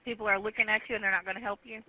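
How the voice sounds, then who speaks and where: A woman's voice: medium pitch, fairly even intonation, rapid-fire, pushed and bright, dry recording. A woman working as an emergency dispatcher, firmly repeating instructions over a phone line. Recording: telephone line.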